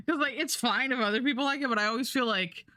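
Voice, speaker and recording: A woman's voice: on the high side, a little fast, bright, forceful tone, no echo, studio quality. A woman streamer chatting casually and rambling, with many fillers and restarts. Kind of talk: casual livestream chat.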